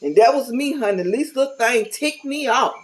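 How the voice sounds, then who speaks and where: A woman's voice: on the high side, expressive, brisk, poor audio. A middle-aged woman talking casually to camera, candid and blunt, with a folksy, preachy manner. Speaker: vlogger.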